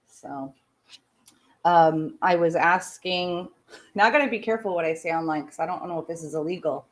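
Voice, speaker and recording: A woman's voice: on the low side, moderate pace. A woman from Canada chatting casually on a livestream, candid and ranting, speaking her mind. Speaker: streamer.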